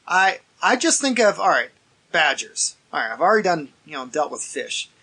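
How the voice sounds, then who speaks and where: Goofy podcast guy riffing, bright raspy voice, bouncy pitch. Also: big pitch swings, moderate pace, rough recording. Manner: joking, riffs on absurd ideas. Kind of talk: casual chat.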